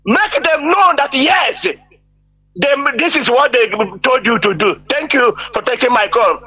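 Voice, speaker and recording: A man's voice: very high voice, a little slow, pushed and bright, breathy edge. A man calling in to a live broadcast, speaking in an impassioned, denouncing way. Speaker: caller. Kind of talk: phone-in call to a live broadcast.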